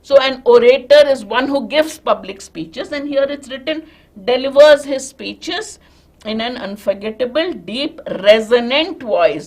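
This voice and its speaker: Female Indian English teacher, slightly high voice, walks students through answers. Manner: explains step by step, checks in with students. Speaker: vocabulary teacher. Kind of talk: live online class.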